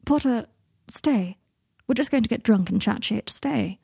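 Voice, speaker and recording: A woman's voice: fairly high pitch, unhurried, gravelly, darkish tone, breathy edge, no room sound, heavily acted. A woman voicing a posh young wizard man with a dry, drawling manner.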